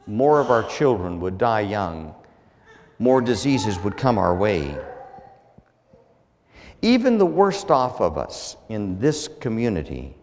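A man preaching a sermon as pastor, measured and earnest, his phrases falling at the ends. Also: on the low side, a little mellow, long reverb tail.

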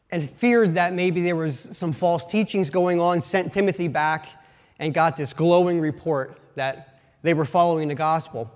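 A man's voice: sits high, a little mellow. A man giving an informal, rambling sermon, talking casually and poking fun at his own jumbled thoughts. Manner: informal, rambling, self-deprecating. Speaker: preacher. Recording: long reverb of a hall.

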